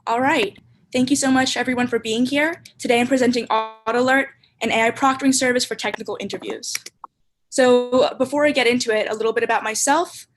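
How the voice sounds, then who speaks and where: A young woman delivers a prepared startup pitch over a video call. Her voice sits slightly higher than most and moves through the talk in a clear, steady, rehearsed way. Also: a little fast, a little hiss or hum. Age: young adult. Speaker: startup founder presenting a pitch.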